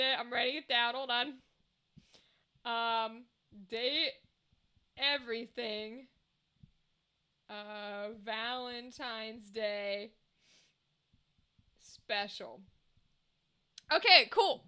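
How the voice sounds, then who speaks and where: A young woman chatting on a live stream in a high, very bright voice. She rambles from one thought to the next and hums little tunes to herself along the way. She sounds casual and talkative. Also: very slow, pauses often, clear, resonant tone.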